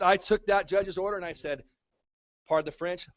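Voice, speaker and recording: A man's voice: a little high, quick pace, fairly bright tone, lo-fi sound. Fervent man rallying a town hall. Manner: fervent, repetitive rallying speech. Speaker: activist speaking at a town hall. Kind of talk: impassioned public speech. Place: town hall meeting room.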